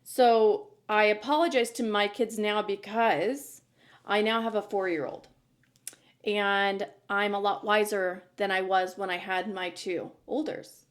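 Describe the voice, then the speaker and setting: A woman's voice: mid-range voice, takes it slowly. A woman in her thirties hosting a podcast, talking candidly and earnestly in a casual chat. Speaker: podcast host.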